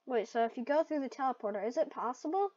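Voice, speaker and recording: A woman giving excited gameplay commentary, shrieking and laughing at close calls. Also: high-pitched, fast. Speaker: gaming video host. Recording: dull lo-fi mic.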